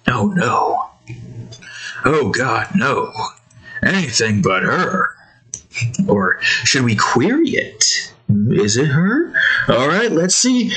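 A young man casually narrating a dice-driven escape story while drawing, rambling with fillers and sudden jumps up in pitch. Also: big pitch swings, slow, fairly bright tone, rough recording.

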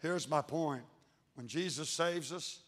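In a church sanctuary with a long reverb from the hall, a pastor delivers a sermon in a folksy, emphatic style. His voice sits a little high with a fairly bright tone, and he takes his time, sinking into low, intense tones to drive a point home.

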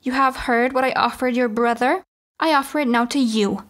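A woman's voice: high voice, normal speed, fairly bright tone. Woman reading as a cold, imperious goddess. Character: proud, wrathful goddess, female, ageless.

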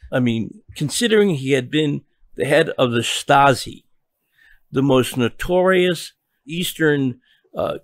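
Dry, studio-grade audio captures an older journalist on a podcast, his mid-range voice creaky. He works through a long story in a halting manner, full of restarts and repeated words.

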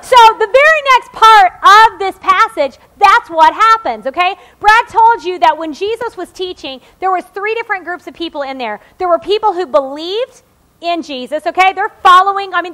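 A woman's voice: very high voice, expressive, moderate pace, sharp tone. A woman in her forties preaching a sermon in a chatty, joking way, often checking in with the congregation. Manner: conversational and joking, checks in with "okay?".

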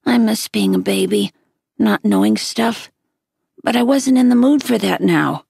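Husky, gravelly woman reading aloud. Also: medium pitch, a little slow, no echo, clean studio sound. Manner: steady, storytelling. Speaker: reader. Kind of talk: reading a children's novel aloud.

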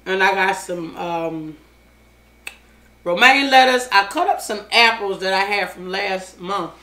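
A middle-aged woman hosts a casual home cooking demonstration in her kitchen, talking loudly and trading profane, joking banter with her family. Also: medium pitch, unhurried. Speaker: home cooking show host. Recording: echoey kitchen, loud background noise.

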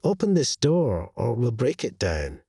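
A man voicing a suspicious royal guard leader with a gruff, booming voice and a barking, sneering manner. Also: huge pitch swings, unhurried, dark tone, no echo, studio quality, full character voice. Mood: hostile.

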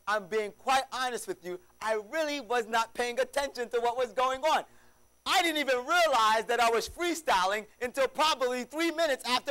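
A man's voice: high voice, fairly bright tone, poor audio. A male preacher giving a sermon in a church, telling a story with lots of rhetorical questions to the congregation.

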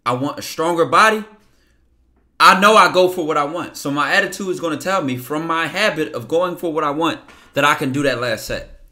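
A man in casual motivational talk, blunt, profane and slangy, acting out his inner voice in quick asides. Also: on the high side, sharp tone. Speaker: podcast guest.

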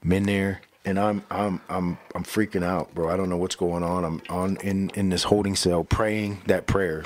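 Slight background noise sits behind this pastor's low voice as he recounts his life at a moderate pace during an interview. He's casual and animated, voicing other people's lines, repeating himself, and dropping "bro" and "right?" often.

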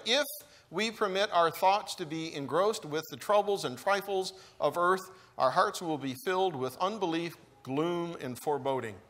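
A man preaching a sermon in a church, slow and emphatic, with deliberate pauses between phrases. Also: high voice, bright, forceful tone. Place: church sanctuary.

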